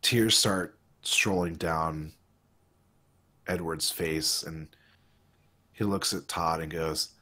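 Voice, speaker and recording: A man's voice: rumbling low, takes it slowly, pauses often, bright, forceful tone. A man playing a tabletop game, talking in a laid-back way. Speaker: player. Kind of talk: casual tabletop game play.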